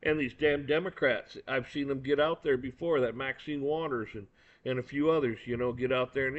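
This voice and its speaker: A man's voice: medium pitch, a little fast, fairly bright tone. Man ranting his opinions, blunt and cursing, on a lo-fi recording. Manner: blunt, profane, angry, repeats words. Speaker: commentator. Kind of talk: opinion rant. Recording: dull lo-fi recording.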